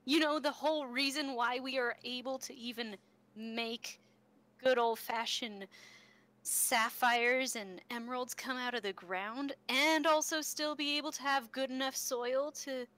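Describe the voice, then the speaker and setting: A woman doing an excitable museum worker. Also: high-pitched, a little slow. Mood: excited. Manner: excited, gushing, pleading.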